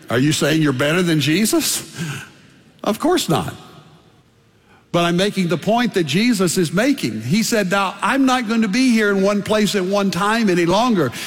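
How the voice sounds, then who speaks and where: An older male pastor preaches with emphasis and piles up repeated phrases to drive each point home. His voice sits high for a man. It rings out with the long reverb of a large church hall. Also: fairly bright tone. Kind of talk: sermon.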